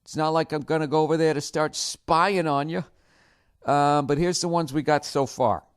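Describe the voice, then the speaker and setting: A man's voice: on the high side, fairly even intonation, moderate pace, clear, resonant tone, dry recording, clean studio sound. A man hosting a podcast alone, talking casually in a rambling, sarcastic way and swearing often. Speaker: podcast host. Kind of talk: casual solo podcast monologue.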